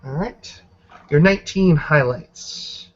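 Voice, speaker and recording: A man running a tabletop game as game master, describing the scene in a measured way. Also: on the high side. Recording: dull lo-fi recording.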